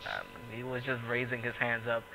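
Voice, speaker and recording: Brief: New man, podcast host, swears freely, animated anecdotes, middle pitch. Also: normal speed, vocal fry, noisy background. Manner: profane, animated storytelling with voiced quotes. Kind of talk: casual podcast chat.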